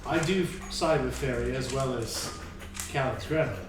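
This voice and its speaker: A man's voice: medium pitch, normal speed. Rambling man in a very echoey room. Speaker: player. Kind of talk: in-character tabletop play. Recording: distant mic in very echoey, noisy room.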